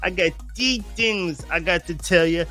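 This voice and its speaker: A man's voice: high voice, a little slow, sharp tone, soft background music, pitched above the performer's own voice. A man voicing a jolly young Rasta guy in a put-on Jamaican accent, hyping up the show in a sing-song way. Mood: hyped.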